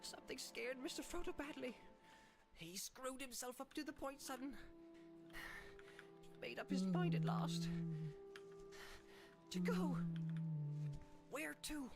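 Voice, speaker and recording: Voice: medium pitch, animated, slow, long pauses, voice pushed up. A reader doing a fretful, urgent hobbit. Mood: anxious. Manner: fretful, urgent, talks to himself. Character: anxious loyal hobbit servant, male. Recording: music playing underneath.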